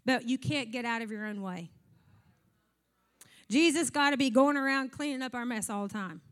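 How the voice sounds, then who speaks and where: A woman preaches, speaking to her congregation in an easy, conversational way. She acts out the Bible scenes in short, lively bursts, and her voice sits a little high. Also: normal speed. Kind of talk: sermon.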